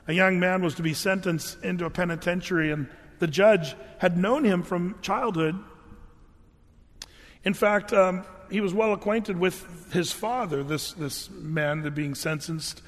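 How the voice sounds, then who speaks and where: An earnest preacher with a fairly high voice delivers a conversational sermon, often stumbling and restarting his words. His voice carries a long reverb from a large hall.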